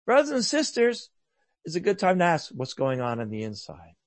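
A man preaching a sermon earnestly, rising to loud emphasis and dropping to hushed, soft lines. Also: sits high, huge pitch swings, moderate pace, no room sound.

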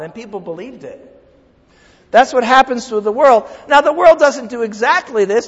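A man preaches with a high, lively voice, leaning hard on key lines and then dropping into quiet asides. The sound is dull and lo-fi, carrying a long reverb from a church sanctuary. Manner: animated preaching, swings from loud emphasis to quiet asides. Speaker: pastor. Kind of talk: sermon.

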